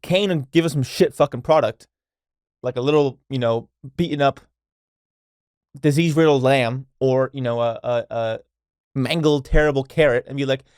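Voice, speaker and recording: A man's voice: mid-range voice, moderate pace, darkish tone, clean tone, no echo, clean studio sound. A young man hosting a solo podcast, talking casually and bluntly with plenty of swearing. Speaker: podcast host.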